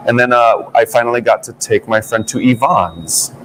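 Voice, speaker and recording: A man's voice: medium pitch, moderate pace, fairly bright tone, a little hiss or hum, rough recording. A man co-hosting a morning talk show, telling stories in a chatty, playful way. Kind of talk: casual chat.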